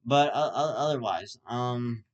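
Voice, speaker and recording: Male comic ranter, mid-pitched, stammering, heavy swearing. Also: unhurried, dull audio. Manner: angry ranting with profanity, stammering restarts. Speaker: comedic ranter. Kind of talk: comic rant.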